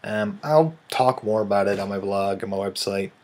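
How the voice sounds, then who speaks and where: Offhand man, low voice. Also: normal speed, darkish tone. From American Midwest. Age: 30s. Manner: offhand, rambling, dryly joking. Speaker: vlogger. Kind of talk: casual vlog answering viewer questions.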